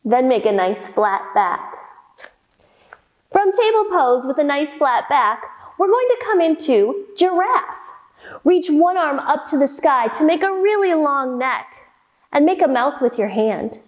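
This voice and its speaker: Slow, lively-voiced kids yoga teacher woman. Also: high-pitched. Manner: slow, cheerful and encouraging, with playful animal sounds. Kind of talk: guided yoga storytime for children.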